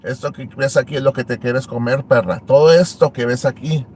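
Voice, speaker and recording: A man's voice: mid-range voice, steady tone, fast, a little mellow, slight background noise. A man hosting an online show, ranting and taunting a rival, switching between English and Spanish. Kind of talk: ranting livestream talk.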